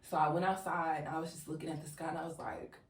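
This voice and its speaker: Young adult woman, low register, casual storyteller addressing her viewers; roomy sound, mic set back. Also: level tone, quick pace, far from the mic. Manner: chatty storytelling, heavy "like", addresses viewers as y'all. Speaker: vlogger.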